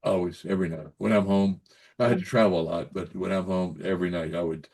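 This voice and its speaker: An older Kentucky pediatrician, appearing as a guest in a casual interview, gives folksy, emphatic advice, often repeating himself and peppering his talk with "so anyways" and "okay?" to check in. His low voice is steady, creaky and a little mellow, and he talks fast.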